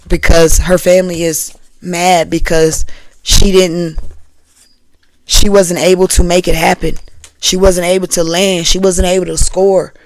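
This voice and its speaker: A woman's voice: on the low side, darkish tone, dry recording. Chatty woman giving a tarot reading. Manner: loose, chatty, repeats phrases, asks "you hear me?". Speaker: tarot reader. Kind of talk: casual tarot reading for an online audience.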